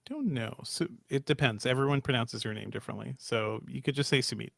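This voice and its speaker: A man co-hosting a podcast in casual chat, explaining things in a relaxed way with fillers. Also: mid-range voice, brisk, creaky, no room sound. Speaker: podcast co-host.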